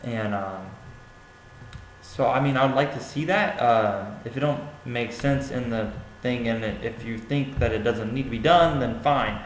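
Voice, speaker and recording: A young adult student gives a classmate casual, hesitant spoken feedback on a paper, full of fillers and restarts. His voice is medium-pitched and unhurried, recorded in an echoey room with faint ambient noise.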